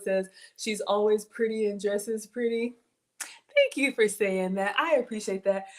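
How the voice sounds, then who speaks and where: A chatty woman with a Southern US drawl talks straight to her livestream viewers as she gets ready to bake. She reads out their comments, thanks them again and again, and often stops mid-sentence to start over. Her pitch sits in the middle range for a woman. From Southern United States. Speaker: livestream cooking host. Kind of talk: casual livestream chat.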